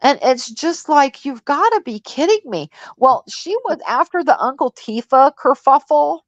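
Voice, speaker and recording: A woman's voice: high-pitched, lively intonation, a little slow, no room sound. A woman from Missouri co-hosting a livestream, talking in a chatty, rambling and frank way. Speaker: livestream co-host. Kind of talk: casual chat. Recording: dull lo-fi dry sound.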